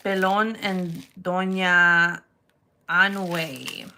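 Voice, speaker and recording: A woman's voice: lowish voice, steady tone, extremely slow, pushed and bright, a little hiss or hum. Chatty woman crafting on a livestream. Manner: chatty, giggly, talks to live chat viewers. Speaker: polymer clay livestream host. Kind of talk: casual livestream chat while crafting.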